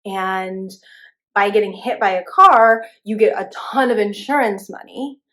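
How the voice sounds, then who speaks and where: A young woman teaching a spiritual class in a relaxed, chatty way, with many fillers and restarts. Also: medium pitch, a little slow. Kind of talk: casual spoken class.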